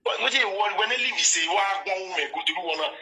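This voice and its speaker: A man's voice: high-pitched, quick pace, sharp tone, echoey room, poor audio. A man with a Nigerian Pidgin accent ranting straight to camera, boastful and confrontational as he rambles on. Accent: Nigerian Pidgin English. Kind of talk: heated monologue rant to camera.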